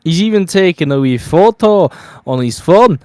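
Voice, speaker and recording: A man putting on a shaky Scottish accent to voice an irate Scottish man in his thirties, loud and emphatic. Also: high-pitched, animated, moderate pace, clear, resonant tone, no echo, voice pushed up. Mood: indignant. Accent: shaky put-on Scottish.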